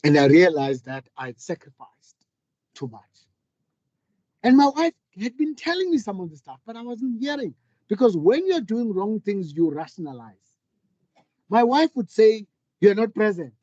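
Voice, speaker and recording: This middle-aged man speaks with a fairly high but mellow, warm voice, telling his story in a candid, earnest way. The sound is dry and close, with a slightly dull, muffled quality. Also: sing-song, moderate pace, pauses often, no echo. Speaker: panel speaker, business leader. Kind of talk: reflective public talk.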